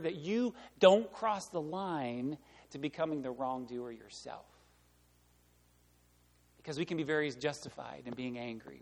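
A male pastor preaching a conversational sermon, dropping to soft asides and rising to loud, emphatic peaks. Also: fairly high pitch. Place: church sanctuary. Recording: long church reverb.

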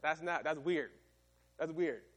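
Animated male pastor in a reverberant hall. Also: a little high, unhurried, dull audio. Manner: animated storytelling, acting out voices. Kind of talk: sermon.

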